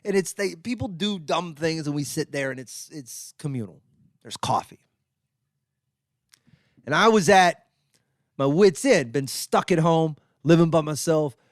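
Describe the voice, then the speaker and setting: A middle-aged comedian tells a rambling, self-mocking story in a fairly high voice. He swings his pitch wildly when he acts out the other people in it and swears freely. The sound is dry and close. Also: a little slow, long pauses, no echo. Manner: animated, acts out quotes with big pitch jumps. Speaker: comedian host. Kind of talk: storytelling monologue.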